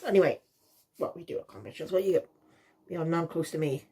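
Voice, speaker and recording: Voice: mid-range voice, quick pace, mellow, breathy edge. A reviewer from South Wales, talking in a rambling, casual way and often losing the thread.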